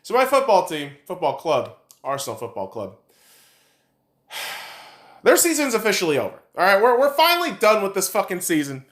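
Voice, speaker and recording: A man's voice: sits high, wildly swooping pitch, quick pace, hardly any pauses, a bit bright. A man hosting a podcast, giving a casual sports opinion rant in a blunt, profane and rambling way. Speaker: podcast host.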